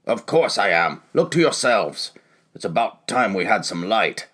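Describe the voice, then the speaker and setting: A man playing an older grandfather leading travelers in a fantasy audio drama, speaking in measured, solemn rhyme. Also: on the low side, sing-song, fairly bright tone. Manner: measured, solemn, rhyming speech. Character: old grandfather, wise elder traveler.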